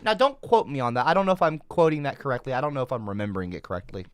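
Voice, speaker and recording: A man's voice: medium pitch, animated, racing, clear, resonant tone, no echo. Rambling man ranting on a livestream. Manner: rambling, defensive, swears a lot. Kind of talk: casual livestream rant.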